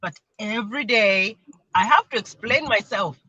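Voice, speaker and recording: Woman guest, earnest explainer, bright tone, dry mic. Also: on the high side, normal speed, breathy edge, dry recording, dull audio. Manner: earnest, explanatory, imitates voices when quoting. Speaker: mentee sharing her experience. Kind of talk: livestream conversation. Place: remote video call.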